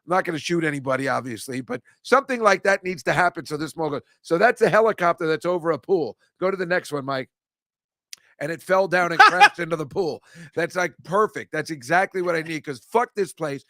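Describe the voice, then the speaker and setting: A man's voice: a little high, lively intonation, a little fast, pushed and bright, dry recording, studio quality. An older man, hosting a casual chat show and ranting with self-mocking asides. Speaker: host. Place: comedy club studio.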